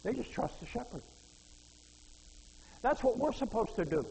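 A man's voice: very high-pitched, expressive, normal speed, vocal fry, a little mellow, slight background noise. A man preaching a sermon in a folksy way, asking the congregation questions and quoting scripture. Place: church hall. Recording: reverberant hall.

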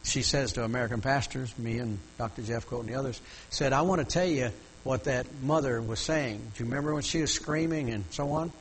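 A man's voice: mid-range voice, brisk, slight background noise, rough recording. An older male pastor telling a story in a sermon, folksy and full of restarts, rising to emotional emphasis.

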